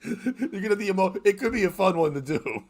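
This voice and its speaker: A man's voice: high voice, animated, normal speed, a little mellow. Laughing, joking man hosting a show. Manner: loose and joking, often laughing. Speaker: podcast host. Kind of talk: casual live-stream chat.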